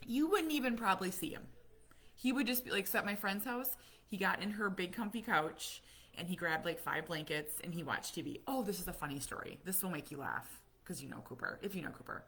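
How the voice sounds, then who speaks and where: A middle-aged American woman telling stories in a casual live chat, animated and acting out what people said. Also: on the low side, a little fast, husky. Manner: storytelling, animated, acts out quotes. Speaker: vlogger, autism parent.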